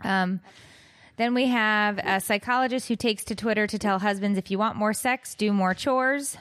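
A woman's voice: mid-range voice, moderate pace, dry recording. Exasperated woman podcast co-host, dry sound. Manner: joking, exasperated, animated storytelling. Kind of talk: casual chat.

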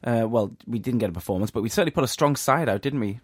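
A man hosts a casual football podcast, relaxed, with hesitant fillers. His voice sits at a middle pitch. The studio sound is dry and close. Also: fast talker, breathy edge, no room sound. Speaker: podcast host.

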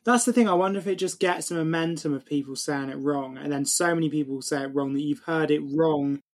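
Animated podcast co-host, man. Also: a little high, brisk. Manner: animated, swears freely, quotes film lines. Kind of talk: casual chat.

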